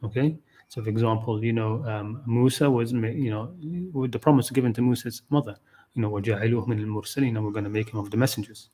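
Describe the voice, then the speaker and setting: A man's voice: mid-range voice, steady tone, fast talker, mellow. A man giving an unscripted livestream talk on a scripture verse, thinking aloud with frequent restarts and "okay, you know". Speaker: Qur'an teacher.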